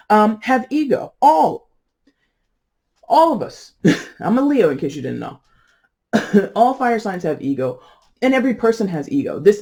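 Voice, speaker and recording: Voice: medium pitch, creaky, mellow. A tarot reader giving a casual, rambling reading who laughs often and corrects themselves mid-sentence.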